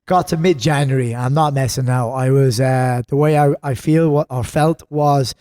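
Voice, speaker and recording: A man's voice: mid-range voice, steady tone, normal speed, dark tone, no room sound, clean studio sound. An Irish man in his thirties, a gym co-owner chatting as a podcast guest, telling rambling stories. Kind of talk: casual podcast chat.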